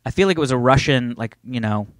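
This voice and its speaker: A man co-hosting a casual podcast, telling a story and reading a listener letter with lively, swearing outbursts. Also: quick pace, no echo, studio quality. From Iowa. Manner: animated storytelling with swearing and sudden high-pitched outbursts. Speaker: podcast co-host.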